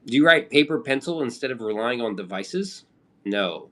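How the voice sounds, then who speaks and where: A man's voice: medium pitch, lively intonation, normal speed, fairly bright tone. A man from the Midwest chatting casually on a live stream, rambling with loose slang and casual swearing. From American Midwest.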